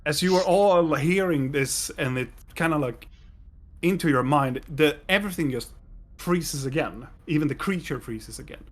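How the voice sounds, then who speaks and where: A man narrating as game master of a tabletop game, describing the scene in a halting way with many fillers. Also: on the high side.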